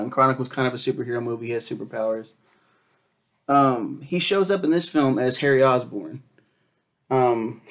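A man reviewing a superhero film in a loose, rambling way, swearing often and filling pauses with um and like. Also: mid-range voice. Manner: rambling, profane, lots of fillers and quoted asides.

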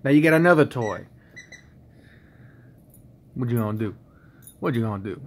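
A man's voice: mid-range voice, lively intonation, normal speed, a little hiss or hum. A man at home filming his pet on a phone, teasing it and swearing casually in a playful singsong. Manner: teasing, profane baby-talk to an animal. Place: indoors at home.

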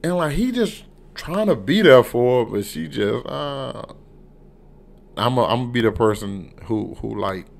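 A man's voice: medium pitch, animated, measured pace, gravelly. Loose-talking profane male TV reviewer. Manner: loose, profane, rambling, frequent "you know what I'm saying". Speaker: TV episode reviewer. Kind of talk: casual unscripted review vlog.

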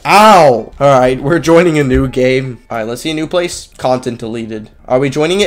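A young man giving excitable, swearing commentary while playing online games, often yelling. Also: mid-range voice, moderate pace, hardly any pauses, faint music behind. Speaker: gaming YouTuber. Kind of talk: live gameplay commentary.

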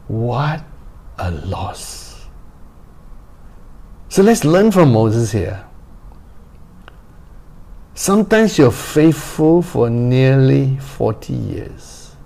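A man's voice: medium pitch, creaky, darkish tone. A male pastor preaching a sermon, repeating phrases and asking the listeners direct questions.

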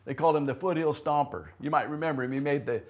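A man delivers a sermon from the pulpit, speaking in a relaxed, conversational way as he tells a story. His voice sits a little higher than most men's, and he slips into the voices of the people in his story. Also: fast talker. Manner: conversational, tells stories with acted-out quotes. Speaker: pastor. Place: church.

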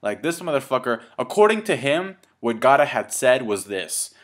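A man's voice: mid-range voice, big pitch swings, normal speed, a bit bright. A man in his twenties telling a casual story to camera, rambling and swearing, with many fillers and restarts. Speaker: vlogger.

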